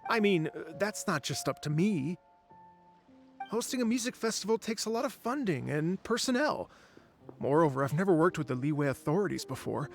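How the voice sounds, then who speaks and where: A man's voice: fairly high pitch, expressive, moderate pace, vocal fry, soft background music. An actor playing an apologetic, hesitant male tour organizer in a video game.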